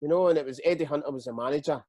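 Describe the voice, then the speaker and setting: A man's voice: a little high, racing, dark tone, dry recording. A middle-aged Scottish man, a retired footballer, telling his career stories in a casual interview, swearing freely and acting out what others said. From Scotland.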